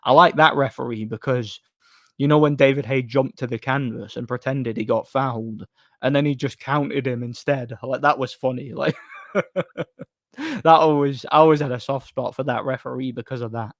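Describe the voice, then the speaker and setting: In clean studio audio without echo, a man with a steady, mid-range voice talks at a moderate pace. It's casual stream chatter: he reads viewer comments and offers blunt, opinionated boxing views, rambling and restarting frequently.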